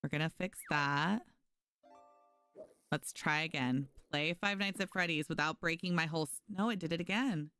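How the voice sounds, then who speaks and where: Woman streamer, chatty and animated, young adult, faint background music. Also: low-pitched, moderate pace, clean tone. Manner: chatty, animated, reads chat aloud and thanks viewers. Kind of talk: casual livestream gaming chat.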